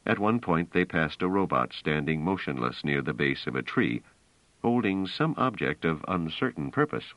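A man with a very deep voice narrates an audiobook, his pitch moving in a lively, expressive way. His reading is measured and clear in pacing. The recording is dry and a little dull. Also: no room sound. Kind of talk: scripted narration.

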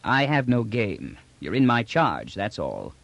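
A man narrating a story, voicing a proud, gruff old patriarch who speaks curtly and gravely. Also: huge pitch swings, a little slow, dry recording, full character voice. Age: older. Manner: curt and grave, bursting into deep anger.

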